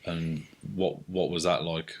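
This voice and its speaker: A male interviewer asking questions in a soft-spoken way and correcting himself. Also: sits low, level tone, slow pace.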